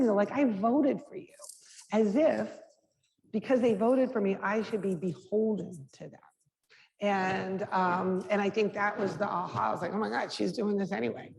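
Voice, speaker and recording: A middle-aged woman who is a mayor answers audience questions as a guest speaker at a public talk in a lecture hall, speaking frankly and conversationally with frequent restarts and fillers. Her medium-pitched voice is creaky and a little mellow, and the hall is reverberant with faint background noise.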